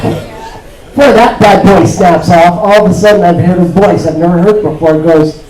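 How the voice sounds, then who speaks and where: A man from Toronto performing a stand-up comedy set, telling stories deadpan and acting out the other people's voices. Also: sits high, normal speed, a crowd in the background. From Toronto, Canada. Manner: deadpan storytelling with acted-out voices. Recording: roomy club sound, mic heard from a distance. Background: audience laughter.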